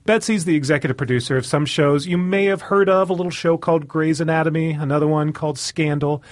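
A man's voice: a little high, fairly even intonation, fast, no echo, clean studio sound. A man hosting a radio interview show, chatty and laughing, often restarting his sentences. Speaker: host. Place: radio studio.

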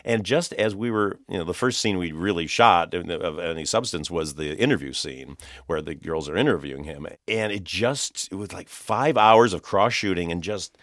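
Man, very low voice, dry close sound, chatty film director, animated, laughs a lot. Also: normal speed, few pauses, no room sound. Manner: animated, chatty, laughs often, many restarts. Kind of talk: conversational interview.

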